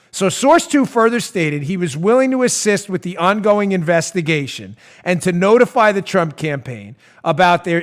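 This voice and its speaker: Animated, mocking male talk show host. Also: sits high. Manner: mocking, animated, laughs often. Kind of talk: political talk show commentary.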